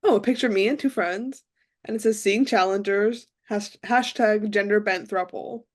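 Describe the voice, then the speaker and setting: A young woman co-hosting a podcast, talking in a rambling, deadpan way with lots of fillers. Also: medium pitch, normal speed. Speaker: podcast co-host. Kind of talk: casual chat.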